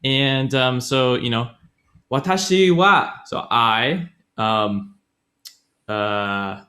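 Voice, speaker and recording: A man's voice: mid-range voice, expressive, very slow, pushed and bright. A man co-hosting a casual podcast, chatting his way through a language grammar lesson and often correcting himself mid-sentence. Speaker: podcast co-host.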